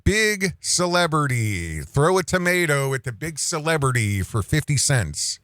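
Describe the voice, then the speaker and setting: A man hosts an online commentary show in a loose, mocking manner, circling back to repeat his points. His pitch swings about a lot as he talks. The recording is dry and close. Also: very animated, a little slow, fairly bright tone, dry recording. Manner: mocking, rambling, repeats phrases.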